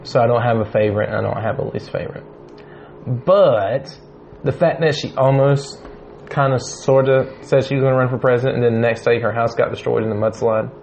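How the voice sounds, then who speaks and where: A man's voice: medium pitch, a little fast, creaky, a little mellow. A man co-hosting a casual podcast chat, silly and jokey, slipping into playful quoted voices. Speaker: podcast co-host. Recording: dull lo-fi podcast audio with faint noise.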